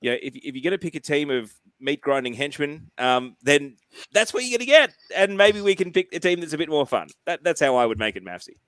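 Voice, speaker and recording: A man in a casual podcast chat, giving emphatic, animated opinions. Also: fairly high pitch, fairly quick, clear, resonant tone, dry recording. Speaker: podcast co-host.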